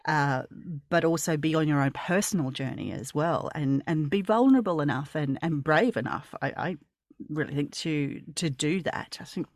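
A woman's voice: low-pitched, lively intonation, normal speed, no room sound. A woman interviewing a guest in a casual conversation, effusive and rambling, with many fillers and restarts.

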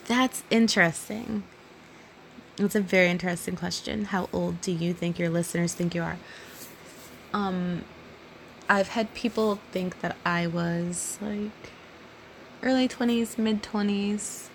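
Openly drunk, a woman in her thirties reads listener questions aloud in a casual solo Q&A and answers them slowly and drawn-out, giggling, rambling, and often sinking to an almost whispered hush. Her voice is lowish, gravelly, and steady, over a faint background hiss.

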